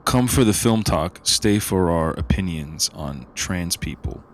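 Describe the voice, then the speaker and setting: Deep gravelly young man, rambling chat. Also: animated, a little slow, slight background noise. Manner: rambling, loose, lots of fillers and slang. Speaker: podcast co-host. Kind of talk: casual chat.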